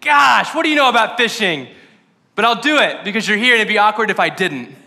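A weary fisherman disciple grumbles in dry sarcasm, acted out by a man mid-sermon. The voice sits high and bright. A long reverb trails behind it, as in a large hall. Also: animated, fairly quick, full character voice. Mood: sarcastic.

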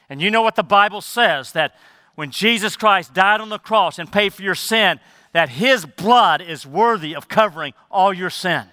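A man delivers a sermon with a high, bright voice, swinging from emphatic declarations to quiet, low asides. The sound is close and dry, with no room around it. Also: no echo. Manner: emphatic preaching, dropping to soft low asides. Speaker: pastor.

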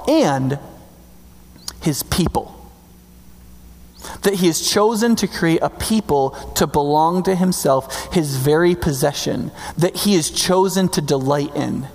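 A man preaching a sermon in a conversational, emphatic way, slowing down to stress key words. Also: sits high. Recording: long reverb hall.

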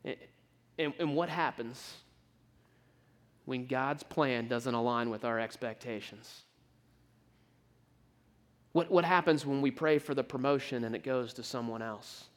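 A man preaching a sermon, telling the story in an animated way with frequent stammered restarts. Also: mid-range voice, a little slow, pauses often.

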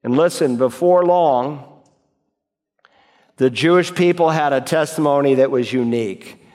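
A man's voice: a little high, unhurried, darkish tone, long reverb tail. A man preaching a sermon, reading Bible verses aloud and explaining them as he goes. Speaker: pastor.

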